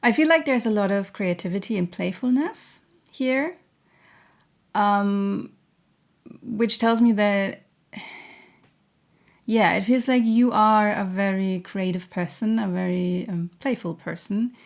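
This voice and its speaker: A woman giving a spiritual reading to camera, gentle and earnest, hesitant and searching with many pauses and fillers. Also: medium pitch. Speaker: intuitive reader.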